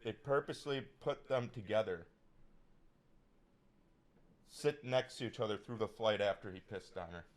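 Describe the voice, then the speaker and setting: A man's voice: fairly low pitch, lively intonation, normal speed, pauses often. A man co-hosting a podcast, telling stories in casual chat, rambling and hesitant with many fillers. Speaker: podcast co-host.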